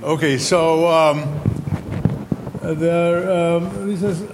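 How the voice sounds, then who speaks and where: A man's voice: medium pitch, a little slow, heavy background noise. A man speaking on a panel in a lecture hall, talking hesitantly with many ums and telling a joke. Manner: hesitant, many ums, raising voice when the mic fails.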